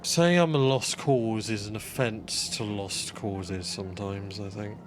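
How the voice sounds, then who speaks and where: A man's voice: fairly low pitch, fairly even intonation, unhurried, faint music behind. A man streaming a game live, chatting casually while he plays. He rambles, swears freely and mocks himself.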